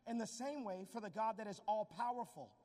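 A man preaching an energetic, humorous sermon, shouting for emphasis and joking with the crowd. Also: sits high, brisk, big-room sound.

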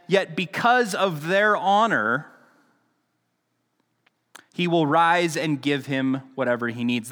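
A man's voice: high-pitched, a bit bright, long reverb tail. A man preaching a sermon in a casual, conversational teaching style, with frequent restarts and asides. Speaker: pastor.

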